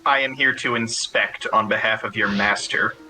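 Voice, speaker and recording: A man playing a tabletop game in character, pushy and animated with rapid banter. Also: on the low side, faint music behind, rough recording.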